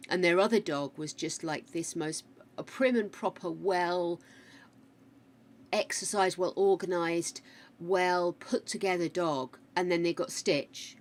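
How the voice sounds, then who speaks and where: A British woman streaming a game, rambling chattily through a story and answering her chat. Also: low-pitched. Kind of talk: casual chat while gaming.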